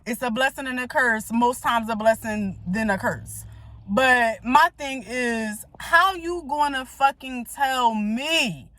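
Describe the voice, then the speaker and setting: A woman's voice: on the high side, slow. A grown woman telling a heated storytime rant, emphatic and full of profanity. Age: adult. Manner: emphatic, profane, animated retelling. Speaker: vlogger.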